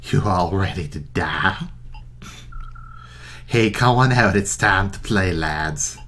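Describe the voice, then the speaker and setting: A man's voice: sits low, expressive, slow, fairly bright tone, a little hiss or hum, full character voice. A man voicing a brutish, menacing male bandit leader in a put-on Kentucky accent, with a gloating drawl. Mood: gloating menace.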